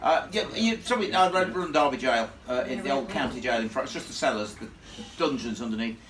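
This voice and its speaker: A man telling a ghost story live to an audience in a chatty, animated way, laughing along with the crowd. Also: medium pitch, fast. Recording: echoey room, from far off.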